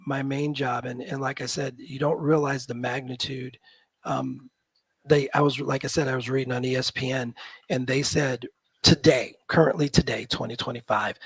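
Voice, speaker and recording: A man's voice: mid-range voice, vocal fry, breathy edge, no room sound. A man in his fifties from the Midwest of the US, a college football general manager chatting as a guest and telling rambling, self-deprecating stories with many restarts. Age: 50s. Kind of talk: casual interview chat.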